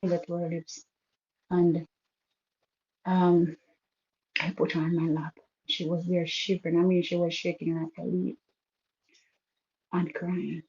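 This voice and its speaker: A woman calls in to a live show and tells a hard family story in a quiet, halting voice, stopping and restarting often. Her voice is mellow and darkish. It comes through a poor, muffled phone connection. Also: lowish voice, little pitch movement. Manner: soft-spoken, halting with restarts. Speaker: caller. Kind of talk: emotional personal story on a call-in show. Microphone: phone call.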